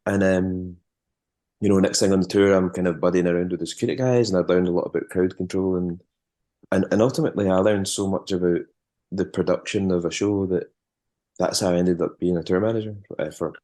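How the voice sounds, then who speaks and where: A Scottish man with a very low voice spins loose, rambling tales in a relaxed interview. He stumbles and restarts often, and chuckles now and then while he talks. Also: a little fast. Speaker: musician and former tour manager. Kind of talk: casual interview storytelling.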